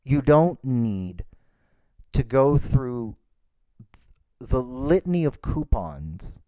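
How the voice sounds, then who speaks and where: A man's voice: mid-range voice, sing-song, very slow, mellow, no room sound. A man hosting a podcast, ranting in an exasperated, sarcastic way. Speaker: podcast host. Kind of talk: ranting monologue.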